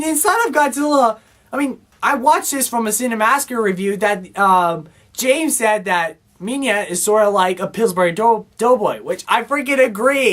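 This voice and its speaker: A woman with a somewhat high voice rants through a casual movie review. She sounds exasperated and rambles, leaning on filler words as she picks the film apart. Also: a bit bright.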